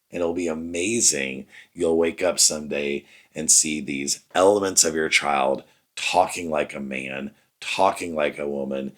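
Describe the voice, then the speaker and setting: A middle-aged man with a very low, deep voice hosts a podcast about parenting. He talks earnestly and conversationally, as if he were speaking straight to each listener. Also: fairly bright tone. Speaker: podcast host. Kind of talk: reflective parenting talk.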